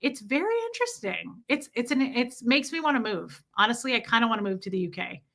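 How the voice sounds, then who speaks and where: A woman's voice: fairly high pitch, animated, fairly quick, vocal fry, a bit bright. A woman hosting a livestream, chatting casually and rambling with self-mocking humor as she reads viewer comments. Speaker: livestream host.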